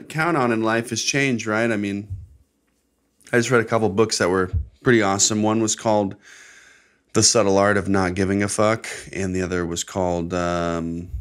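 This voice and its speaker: A man's voice: fairly low pitch, smooth. A young American man hosting his own podcast, talking in a casual, rambling, profane and sarcastic way. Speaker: podcast host. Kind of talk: casual solo podcast monologue.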